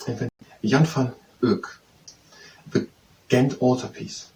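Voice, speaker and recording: A man's voice: medium pitch, a little slow, long pauses, warm tone. A man studying aloud, quizzing himself with repetitive phrases and hesitant restarts. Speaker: student memorizing aloud. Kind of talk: thinking aloud while studying. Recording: distant mic with faint background noise.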